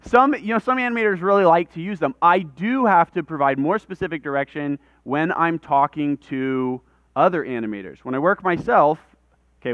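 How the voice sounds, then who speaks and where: A man teaches a room full of people in a relaxed, conversational way. His voice is smooth and clear, with a dry, slightly dull lo-fi recording sound. He explains things step by step and talks with his hands. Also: on the high side, no room sound. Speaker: workshop presenter. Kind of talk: live workshop lecture. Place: conference room with audience.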